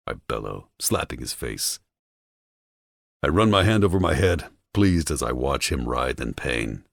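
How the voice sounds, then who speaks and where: A man narrating a first-person audiobook with a dark, menacing delivery, recorded on a close studio mic. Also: very deep voice, animated, measured pace, creaky, no room sound.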